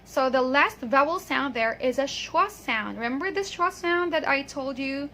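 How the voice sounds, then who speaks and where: A woman with a high voice leads a pronunciation lesson, drilling one word at a time. Her tone is bright and clear. She repeats words slowly so the listener can copy them. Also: lively intonation, slight background noise. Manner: patient, drills words and checks with "okay?". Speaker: English pronunciation teacher.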